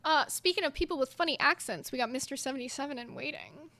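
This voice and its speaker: Woman, livestream host, blunt, swears a lot, high pitch, bright tone. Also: quick pace. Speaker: show host. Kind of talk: livestream chat.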